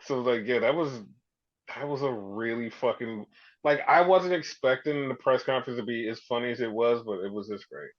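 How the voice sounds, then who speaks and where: A man co-hosting a podcast, casually recapping wrestling and acting out quotes with big leaps in his voice. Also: moderate pace. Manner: animated storytelling, heavy swearing, acts out quotes with big pitch jumps. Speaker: podcast co-host. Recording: dull lo-fi sound.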